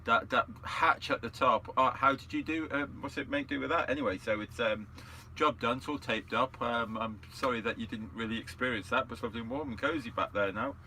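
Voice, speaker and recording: Bright-voiced man telling rambling stories. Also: mid-range voice, steady tone, a little hiss or hum. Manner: rambling, halting anecdotes with restarts. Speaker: livestream co-host. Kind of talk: casual storytelling chat. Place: indoors, in a vehicle.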